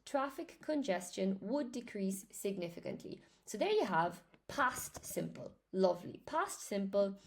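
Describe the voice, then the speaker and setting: A woman's voice: mid-range voice, vocal fry, darkish tone. A woman teaching English in a chatty live lesson, greeting viewers by name as she explains grammar.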